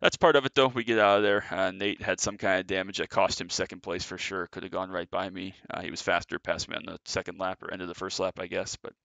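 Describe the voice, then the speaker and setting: Deep gravelly sim racer. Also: male voice, flat delivery, quick pace, few pauses, fairly bright tone, no echo, dull audio. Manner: chatty, filler-heavy, self-correcting. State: out of breath. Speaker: sim racing streamer. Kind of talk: casual post-race commentary.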